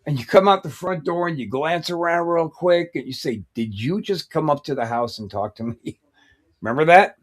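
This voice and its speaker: A man's voice: on the high side, lively intonation, moderate pace. A man co-hosting a casual chat in a blunt, profane, skeptical way. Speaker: podcast co-host.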